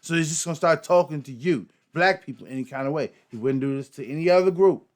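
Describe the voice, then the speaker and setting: A man's voice: fairly high pitch, quick pace. A man hosting a reaction commentary, talking emphatically with frequent repeats, fillers and swearing. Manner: emphatic, repetitive, profane, fillers. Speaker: host.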